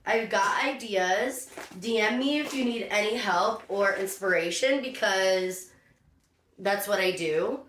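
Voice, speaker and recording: A woman's voice: mid-range voice, slow pace, a bit bright, a little hiss or hum. A young woman vlogger chatting through an unboxing, gushing and effusive. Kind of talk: excited unboxing chat. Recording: echoey room, voice from a distance.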